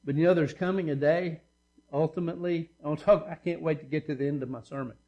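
High-voiced man preaching a sermon. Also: fairly even intonation, quick pace, mellow, dull audio. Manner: emphatic, repetitive preaching with asides. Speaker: pastor.

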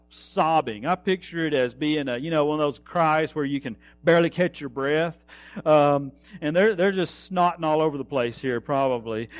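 High-pitched preacher man. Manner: earnest preaching, slows for emphasis, trails off softly. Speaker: pastor. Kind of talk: sermon.

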